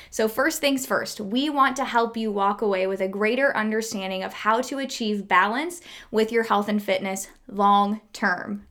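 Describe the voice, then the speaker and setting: A woman's voice: fairly high pitch, a bit bright. A woman hosting a fitness podcast, talking upbeat and enthusiastic straight to her listeners. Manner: upbeat, enthusiastic, direct address. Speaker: podcast host. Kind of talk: podcast interview and ad read.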